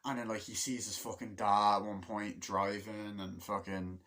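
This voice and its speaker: A man chats loosely about a film in a somewhat low voice. He swears often and hums bits of the score as he goes. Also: level tone, moderate pace, a bit bright. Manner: rambling, swears freely, hums the music. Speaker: movie reviewer. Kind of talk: casual spoken movie review.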